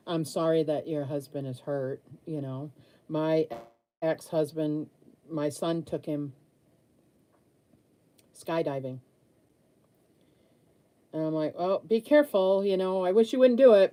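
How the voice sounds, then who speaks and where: A woman's voice: low-pitched, mellow. A woman in her sixties, chatting candidly with viewers while she paints during a live stream. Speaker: livestream host answering viewer comments.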